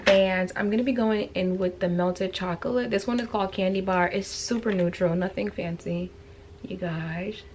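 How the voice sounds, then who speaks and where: A woman's voice: mid-range voice, steady tone, moderate pace, darkish tone. A woman chatting casually to her viewers in a home vlog, gushing and talkative, recorded by a camera on a bedroom floor. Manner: chatty, gushing, addresses viewers as you guys. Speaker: lifestyle vlogger. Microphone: camera on the floor at eye level. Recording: echoey room with faint hum.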